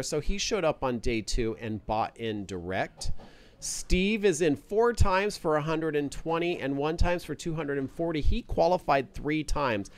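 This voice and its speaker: A man's voice: on the high side, smooth. A man doing live play-by-play commentary at a poker table, with joking, teasing banter between hands.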